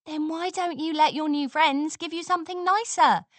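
A woman voicing a brave young filly pony who talks eagerly and earnestly in a raised, bright voice. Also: sits high, moderate pace, no room sound, pitched above the performer's own voice, natural voice. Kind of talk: storybook character voice.

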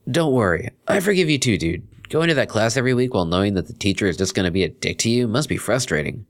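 A man's voice: on the low side, expressive, fast talker, voice pushed up. A man voicing an easygoing, chatty young male earth pony student in a fan fiction reading.

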